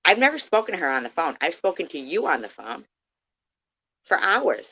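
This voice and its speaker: A woman's voice: fairly low pitch, sing-song, a little fast, slightly rough. A woman arguing on a livestream, defensively explaining herself. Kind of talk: heated livestream argument. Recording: muffled lo-fi stream audio.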